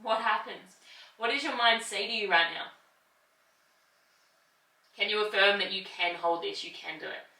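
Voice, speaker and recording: A woman's voice: mid-range voice, moderate pace, creaky, long pauses, pushed and bright, reverberant, far from the mic, rough recording. A woman leading a yoga class, cheering the listener on as she holds the poses herself and strains along with them. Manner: encouraging, pushes through effort and laughs at the strain. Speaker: yoga instructor. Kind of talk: guided yoga class instruction.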